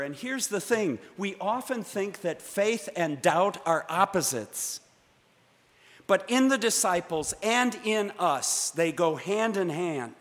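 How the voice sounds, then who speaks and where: A man preaching a sermon from the pulpit, measured and dramatic, with pauses for effect. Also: high voice, fairly bright tone. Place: church sanctuary. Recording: long church reverb.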